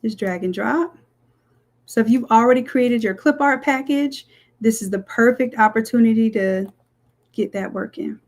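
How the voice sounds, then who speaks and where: A woman's voice: fairly high pitch, normal speed, a little mellow. A woman, walking viewers through a live design tutorial in a chatty way. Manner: chatty, says "y'all", talks viewers through steps. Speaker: design instructor. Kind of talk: live screen-share tutorial.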